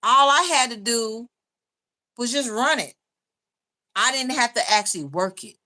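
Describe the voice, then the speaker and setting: A woman's voice: on the high side, unhurried, bright, forceful tone. A woman hosting a casual livestream, chatting loosely with viewers, laughing often and reading out their comments. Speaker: YouTube livestream host. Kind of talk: casual live chat with viewers.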